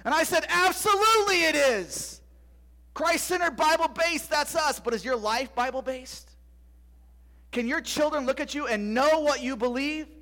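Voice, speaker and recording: A man's voice: very high-pitched, fairly bright tone. A middle-aged man preaching a sermon, asking rhetorical questions with emphasis and sometimes dropping to a whisper. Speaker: pastor.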